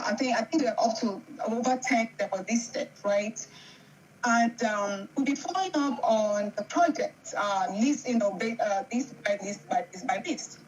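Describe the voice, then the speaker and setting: A woman's voice: fairly high pitch, lively intonation, a little slow, dull audio, slight background noise. A woman calling in by phone, hesitant and full of fillers, on an unstable line. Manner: hesitant, many fillers and restarts. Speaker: caller. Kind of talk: phone-in comment.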